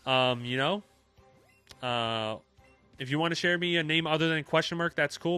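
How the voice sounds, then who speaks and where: A young man chatting casually with his live-stream chat, relaxed and talkative, with many fillers. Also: fairly high pitch, moderate pace, long pauses, clean tone, no echo, soft background music.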